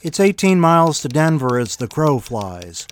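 A man's voice: a little high, big pitch swings, moderate pace. A man hosting a podcast, reading a short story in a casual, wry, musing way with self-deprecating asides.

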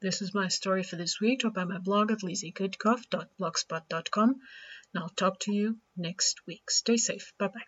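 A woman reading her own short story aloud, slow and gentle. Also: medium pitch, breathy edge. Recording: dull lo-fi audio.

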